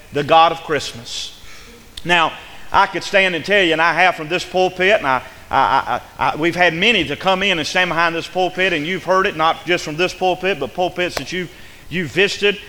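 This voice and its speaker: A man's voice: on the high side, moderate pace, sharp tone, in a large hall. A man preaching a sermon from the pulpit, building into emphatic, chanting repetition. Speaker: pastor. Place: church sanctuary.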